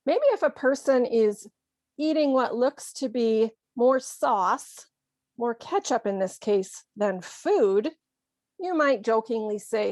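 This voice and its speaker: A woman teaching English to learners, explaining things slowly and carefully with acted examples. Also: a little high, animated, a little mellow, no room sound. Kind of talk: slow, careful ESL lesson.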